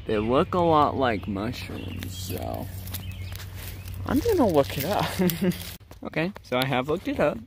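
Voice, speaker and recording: A vlogger rambling and joking to viewers while hiking through the woods, filmed on a handheld camera. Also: medium pitch. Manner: giggly, joking, talking to viewers. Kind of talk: rambling solo hiking vlog. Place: outdoors in woods. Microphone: handheld camera mic. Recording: clear outdoor nature noise.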